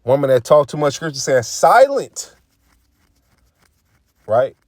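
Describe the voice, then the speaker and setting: A man's voice: a little high, sing-song, slow, dry recording, clean studio sound. A man giving casual, profane religious commentary, reading scripture lines and acting out quoted remarks. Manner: preachy, profane, repeats phrases, acts out quoted remarks.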